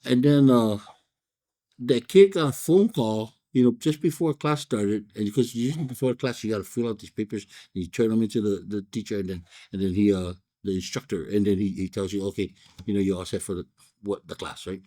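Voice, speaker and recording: A man with a Hawaiian pidgin accent, talking in a loose, rambling way with plenty of fillers and false starts. His voice sits a little low and sounds dark and mellow. It is easygoing cigar-review chat that keeps wandering into stories. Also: a little fast. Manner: rambling, laid-back storytelling with many fillers and restarts. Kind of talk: casual chat.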